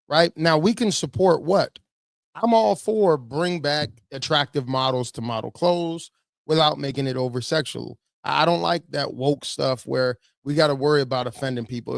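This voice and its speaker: Gravelly man giving blunt preachy commentary. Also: fairly high pitch, dry recording, studio quality. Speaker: pastor.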